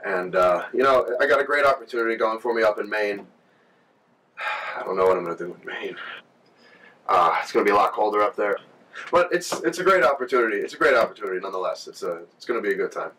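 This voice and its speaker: A man speaking haltingly in a comedic skit monologue, stumbling through fillers. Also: fairly low pitch, bright, forceful tone. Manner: halting, full of fillers and restarts. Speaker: departing coach in a skit. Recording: distant mic, faint music.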